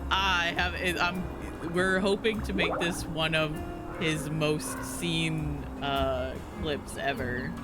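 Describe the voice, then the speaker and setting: Slightly high-voiced guy streaming a game, super slow rambly talk, keeps giggling, music going behind him. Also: fairly even intonation. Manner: giggly, rambling, lots of fillers and restarts. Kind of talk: casual chat while playing a game. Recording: music playing in the background.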